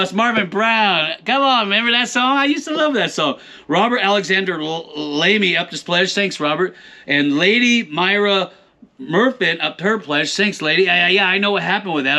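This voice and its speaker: A man's voice: high voice, pushed and bright. A man hosting his show, reading out supporter names with folksy cowboy banter and playful jokes. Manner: jokey, folksy cowboy talk, playful mispronunciations. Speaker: host.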